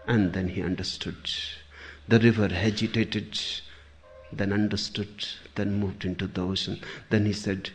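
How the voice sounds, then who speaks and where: A man giving a spiritual discourse, deliberate, pausing often, with sudden emphatic lines. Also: on the low side, level tone, faint music behind. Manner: slow, deliberate, with long pauses and sudden emphasis. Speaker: spiritual teacher.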